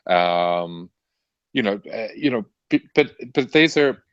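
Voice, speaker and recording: A man's voice: lowish voice, lively intonation, slow pace, fairly bright tone, smooth, dry recording, highs cut off. A man appearing as a guest author and activist, arguing political points fluently with many fillers. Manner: fluent, argumentative, many "you know" fillers. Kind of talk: political discussion.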